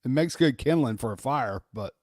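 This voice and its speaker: A man's voice: medium pitch, animated, moderate pace, no echo, clean studio sound. A man co-hosting a casual live-stream chat, griping and joking with frequent laughter. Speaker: co-host.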